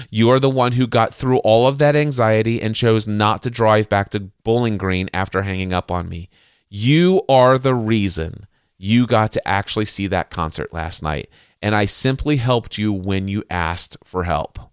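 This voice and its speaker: A middle-aged man tells a personal story on his podcast, earnest and a little halting, often repeating words at the start of a sentence. His voice sits fairly low and sounds smooth and clear. The recording is dry and close, with no room sound. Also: dry recording. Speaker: podcast host.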